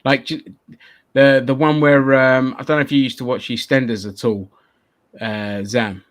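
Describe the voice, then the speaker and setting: A man at mid pitch hosts a loose, rambling podcast chat. He swears freely and laughs often. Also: flat delivery, normal speed. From London. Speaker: podcast host.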